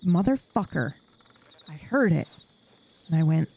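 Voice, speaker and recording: A woman's voice: lowish voice, moderate pace, a little mellow, no room sound. A woman streamer chatting casually with her live audience while playing a game, swearing freely and laughing often.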